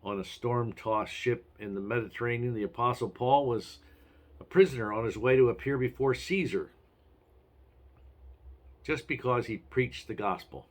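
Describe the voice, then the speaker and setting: A man's voice: mid-range voice, moderate pace. A man giving a short devotional message as a pastor, earnest and encouraging, with occasional hesitations.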